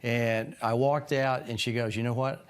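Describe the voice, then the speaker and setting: Speaking at normal speed in a smooth voice with fairly even intonation, a man in his sixties rambles through a personal story as a guest on a casual podcast interview. When quoting people, he suddenly jumps into a higher voice.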